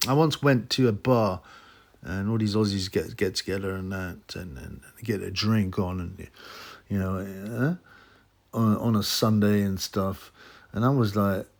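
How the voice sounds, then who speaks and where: A man's voice: steady tone, unhurried. A man hosting a boxing channel, ranting in a mocking, rambling way with many fillers and restarts. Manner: slips into mocking high voices when quoting. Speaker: boxing commentary channel host. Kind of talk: ranting casual monologue.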